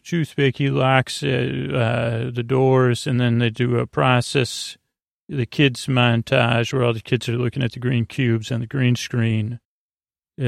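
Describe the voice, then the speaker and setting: A man sleepily recounting a story, halting with fillers and restarts and quoting the characters in his own voice. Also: mid-range voice, vocal fry, no room sound, studio quality. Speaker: podcast host retelling an episode. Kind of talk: sleepy rambling plot recap.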